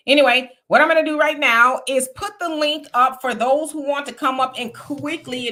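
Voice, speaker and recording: A woman's voice: a little high, sharp tone. A woman from California hosting a casual livestream, chatting and greeting viewers by name. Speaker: livestream host.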